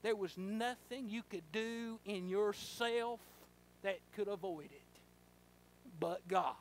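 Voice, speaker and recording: A male pastor preaching a sermon in a church, telling a folksy story and rising to fervent shouting. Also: sits high, a little slow. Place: church sanctuary.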